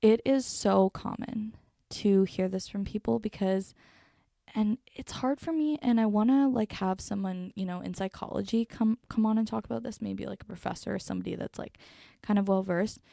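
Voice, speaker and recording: A woman's voice: medium pitch, moderate pace, vocal fry, dark tone, no echo. A young woman hosting her own podcast, thinking aloud in an earnest, reflective way with lots of fillers and restarts, sitting close to a microphone. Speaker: podcast host. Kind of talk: reflective solo podcast talk. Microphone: studio microphone, close.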